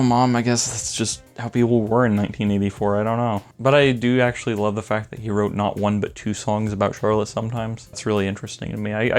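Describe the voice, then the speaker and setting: A man's voice: fairly low pitch, creaky, darkish tone. A young man rambling enthusiastically through a casual album review, full of filler words. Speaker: music reviewer.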